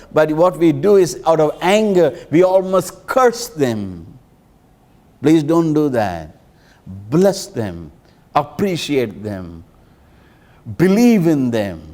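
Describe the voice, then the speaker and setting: A man preaching a sermon as a pastor and counselor, emphatic and pleading. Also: darkish tone. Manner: emphatic, pleading, with dramatic pitch swings.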